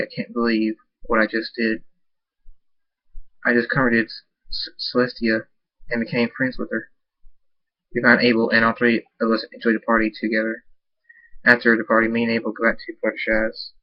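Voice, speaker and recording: Monotone man reading a fan story. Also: mid-range voice, fairly quick, long pauses, dry recording. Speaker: amateur fan-fiction narrator. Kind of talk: reading his own fan story aloud. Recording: dull lo-fi dry recording.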